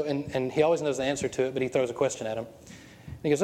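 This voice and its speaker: A man preaching a sermon as pastor, telling stories in an animated way with frequent laughter. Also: medium pitch, rapid-fire. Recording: long hall reverb.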